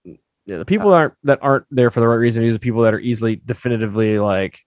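A man's voice: medium pitch, very fast, darkish tone, no room sound, highs cut off. A man co-hosting a podcast, chatting loosely about a TV show and filling his talk with "like". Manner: loose and filler-heavy, often saying "like". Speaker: podcast co-host. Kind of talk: casual chat, recapping a TV show.

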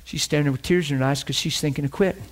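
A man's voice: fairly high pitch, steady tone, quick pace. A middle-aged man preaching a sermon, telling a story and acting out the dialogue.

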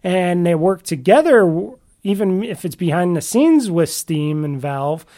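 Mellow and mid-range with lively intonation, the host's voice moves a little slowly through a casual solo talk about games. He rambles and keeps restarting sentences in an offhand, slightly grumbling way.

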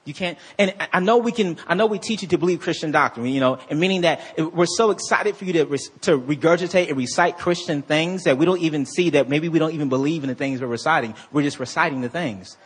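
A male pastor preaching a sermon to a congregation, calling out for responses and swinging between slow scripture reading and excited asides. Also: on the high side, husky.

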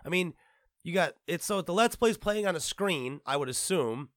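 A man's voice: high-pitched, animated, normal speed, a bit bright, no room sound, clean studio sound. A man hosting a gaming commentary show, ranting casually and profanely with lots of restarts.

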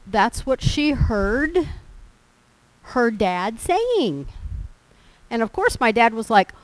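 A woman's voice: on the high side, very animated, slow, long pauses, dry recording, poor audio. A woman preaching a sermon in a folksy, storytelling way. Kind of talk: sermon with personal stories.

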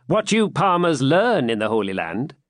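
A man's voice: a little high, very animated, moderate pace, no echo, clean studio sound, pitched above the performer's own voice. A man voicing a witty jester who teases with a sly manner. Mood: curious. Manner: sly, teasing. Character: witty mocking male jester.

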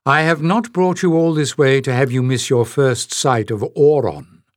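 A man voicing a calm, solemn woman guide who speaks slowly and in a measured way in an audiobook reading. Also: medium pitch, no room sound, studio quality, lightly acted. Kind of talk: audiobook character voice.

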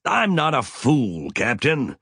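A man's voice: mid-range voice, wildly swooping pitch, takes it slowly, fairly bright tone, husky, dry recording, studio quality, voice pushed up, heavily acted. A man voicing a brash, hotheaded crewman who talks with cocky swagger and taunts. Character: brash, hotheaded male crewman, gun-happy.

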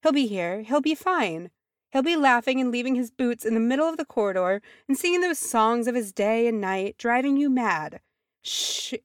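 A woman voicing a young female dwarf who hushes and reassures in quick, urgent bursts. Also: a little high, expressive, clear, resonant tone, dry recording, clean studio sound, pitched above the performer's own voice, lightly acted. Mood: soothing. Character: young female dwarf, soothing her mother.

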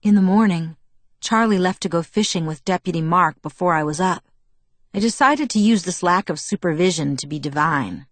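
Woman audiobook narrator, lowish voice, dry close recording, steady first-person telling. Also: normal speed, dry recording.

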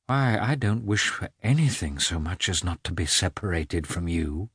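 A man voicing a guarded, weary aristocratic officer in an audiobook, speaking in a measured, placating way. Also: sits low, animated, slightly rough, dry recording, studio quality, exaggerated voice. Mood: defensive.

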